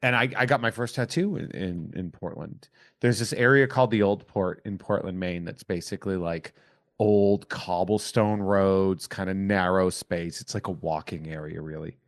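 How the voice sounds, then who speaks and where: A middle-aged man with a very deep voice hosts a podcast in easy, casual chat. He rambles through his stories, restarting and wandering mid-thought. The sound is dry and close. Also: normal speed, no room sound. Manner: rambling, self-interrupting storyteller. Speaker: podcast host.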